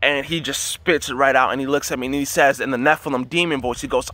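A man's voice: on the high side, steady tone, brisk, sharp tone, no echo. A man telling a long story in a casual, rambling way, with many fillers and restarts. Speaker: dream teller.

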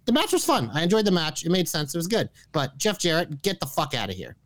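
A man's voice: fairly high pitch, sing-song, fairly bright tone, no room sound. A man co-hosting a wrestling podcast, talking in a heated, profane, argumentative way. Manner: profane, argumentative, fast rants. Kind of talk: heated casual chat.

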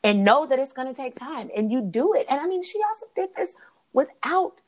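A woman hosting a podcast in casual chat, energetic, laughing often and repeating herself. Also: high-pitched, fairly quick. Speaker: podcast host.

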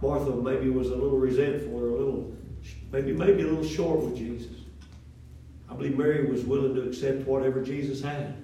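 A man's voice: mid-range voice, fairly even intonation, a little fast, warm tone, slight background noise. A middle-aged man preaching a sermon in a church, folksy and conversational with call and response. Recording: echoey room from far off.

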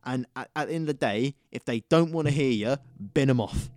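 A man's voice: mid-range voice, brisk, darkish tone, dry recording, studio quality. A young man co-hosting a casual podcast chat, talking bluntly and swearing freely, with emphatic repetition. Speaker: podcast co-host.

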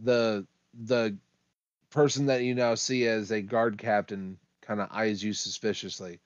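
A man narrating a tabletop game as game master, in a halting way with restarts. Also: lowish voice, steady tone, dry recording, highs cut off.

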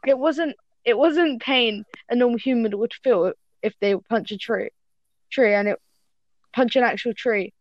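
A woman with a slightly high voice reads a story aloud in a loose, stumbling way, backing up to fix her words. The sound is dry and muffled, like a home mic in a voice call. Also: a little slow, no room sound. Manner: stumbling, self-correcting reading. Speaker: reader of fan fiction. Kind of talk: casual reading aloud with friends.

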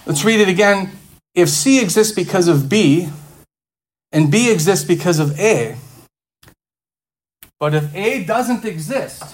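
A man's voice: high voice, lively intonation, measured pace, long pauses, a little hiss or hum. A man teaching a class in front of a board, lecturing conversationally and firing off rhetorical questions and mock back-and-forth exchanges.

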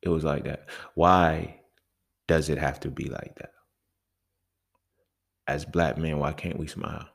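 A man's voice: rumbling low, little pitch movement, unhurried, creaky, long pauses, breathy edge. A young man hosting a casual solo podcast, talking in a heated, profane, conversational way and often checking in with the listener. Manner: profane, heated, conversational, keeps asking "you feel me". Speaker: podcast host.

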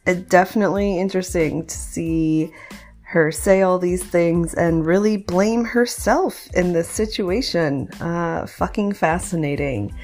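A woman's voice: on the low side, measured pace, a little mellow, soft background music. A woman hosting a podcast in casual chat, talking in a loose, chatty way with many fillers and restarts. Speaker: podcast host.

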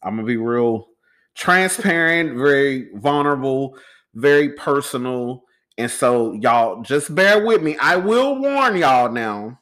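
A man's voice: medium pitch, lively intonation, slow, a bit bright. A man hosting his own podcast in loose, rambling casual talk, calling his listeners y'all and sounding emotional and wavering as he shares personal news. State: emotional, voice wavering while recounting a loss. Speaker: podcast host.

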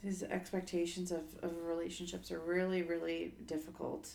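A woman co-hosting a podcast, giving measured, reflective comments on relationships. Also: lowish voice, completely flat delivery, vocal fry, a crowd in the background. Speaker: podcast co-host. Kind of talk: casual chat. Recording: echoey room.

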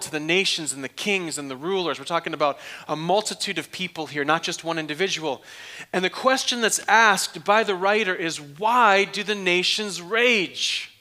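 A pastor delivers a sermon with a voice on the high side, full of animation. He swings from loud, emphatic questions down to a hushed near-whisper, repeating phrases to drive his points home.

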